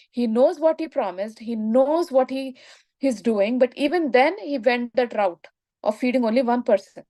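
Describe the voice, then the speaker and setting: During a spiritual lesson, a woman whose voice is mellow and on the high side recounts a moral tale. Her teaching style is explanatory, punctuated by frequent "right?" checks.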